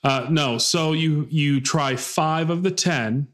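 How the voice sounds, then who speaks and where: A young man co-hosting a podcast, chatting casually and telling stories with unhurried pauses. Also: fairly high pitch. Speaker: podcast co-host. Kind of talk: casual chat.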